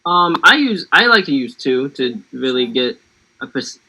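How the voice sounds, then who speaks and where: An easygoing, giggly American man who gently guides a relaxing warm-up over a video call. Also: mid-range voice, sing-song, unhurried, low-quality recording. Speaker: guest actor. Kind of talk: casual chat, leading a warm-up.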